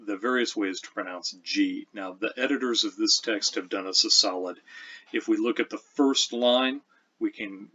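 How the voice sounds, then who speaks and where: A man teaching a lesson, explaining pronunciation patiently and reading old verse aloud slowly. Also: lowish voice, pushed and bright, husky, dull audio. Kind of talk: lecture with recitation.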